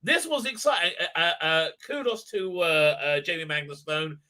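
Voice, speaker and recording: A man's voice: on the high side, moderate pace, sharp tone. A man giving a casual, rambling and sarcastic spoken review of a TV episode, full of "uh" fillers and restarts. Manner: mocking put-on voices for characters. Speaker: video reviewer.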